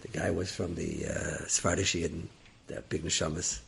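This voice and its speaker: A rabbi telling a story dramatically, acting out the characters. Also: male voice, sits low, steady tone, normal speed, gravelly, fairly bright tone, slight background noise. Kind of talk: animated storytelling.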